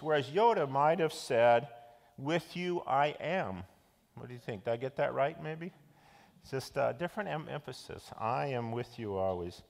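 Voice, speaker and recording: A middle-aged male pastor giving a conversational sermon, with frequent fillers and restarts. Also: medium pitch. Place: church. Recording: long church hall reverb.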